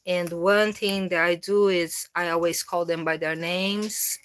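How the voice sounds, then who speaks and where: A woman vlogging casually about her cats, coaxing them with meows and baby talk between relaxed explanations. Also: lowish voice, unhurried, clear, resonant tone. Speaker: cat owner and vlogger. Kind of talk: casual vlog narration.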